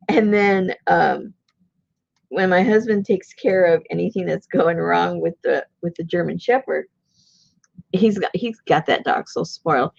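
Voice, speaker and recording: A woman's voice: lowish voice, unhurried, gravelly, pauses often, no room sound, lo-fi sound. A woman hosting a crafting video, chatting casually as she works and laughing often. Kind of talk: casual chat while collaging.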